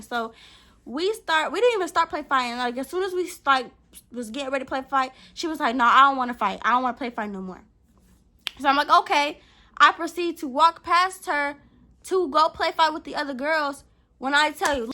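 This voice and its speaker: A young woman with a high, bright voice tells a story as a vlogger. She talks casually and with a lot of energy, swearing freely and acting out her own lines as she goes. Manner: animated, profane, acts out what she said.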